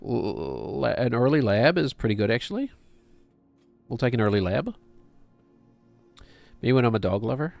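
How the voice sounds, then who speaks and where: A man's voice: medium pitch, sing-song, moderate pace, creaky, long pauses, darkish tone, dry recording, faint music behind. A man streaming a game, chatting casually as he thinks aloud to himself and to his chat. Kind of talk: casual gameplay commentary.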